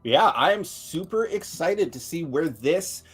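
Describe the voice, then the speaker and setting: A man's voice: on the high side, animated, unhurried, slightly rough, faint music behind. An upbeat man hosting a live tabletop game stream as game master, talking casually with many filler words. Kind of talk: casual livestream chat.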